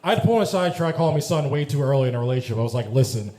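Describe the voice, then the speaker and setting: A man's voice: a little high, expressive, very fast, darkish tone. A young man in his twenties doing stand-up in a comedy club, with a dry, proper-sounding delivery. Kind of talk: stand-up set. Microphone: handheld stage mic. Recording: live club with roomy echo and crowd laughter. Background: audience laughing.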